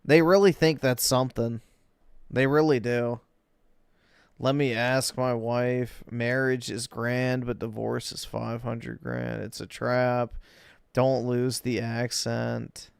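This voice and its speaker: A man livestreaming, reacting casually to videos with slow, blunt, sardonic remarks. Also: mid-range voice, little pitch movement, creaky, smooth, no room sound, clean studio sound.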